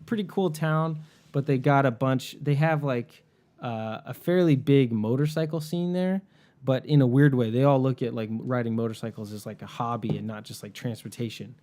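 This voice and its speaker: A man telling a story in casual chat, animated and profane, acting out the people he met. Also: medium pitch, normal speed. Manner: animated, swearing, acts out the people in his stories.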